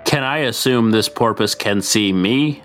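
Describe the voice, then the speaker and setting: A man's voice: fairly low pitch, a little slow, a bit bright, faint music behind. A man playing a tabletop role-playing game, talking casually and rambling, often correcting himself mid-sentence. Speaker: player.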